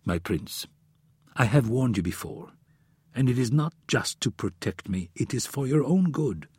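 A man voicing a careful, serious adult plotter in an audiobook, speaking in measured, earnest tones. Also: medium pitch, expressive, a little mellow, breathy edge, no room sound, clean studio sound.

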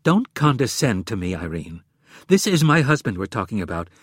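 A man voicing a pushy, defensive woman reporter, speaking in a sharp, indignant way, for an audiobook. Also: fairly low pitch, big pitch swings, moderate pace, breathy edge, no echo, studio quality.

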